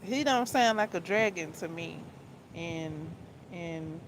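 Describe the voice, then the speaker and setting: A woman's voice: fairly low pitch, expressive, slow, background noise. A woman vlogging about books in a casual, rambling way, often repeating herself and laughing as she talks. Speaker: book vlogger. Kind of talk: casual chat.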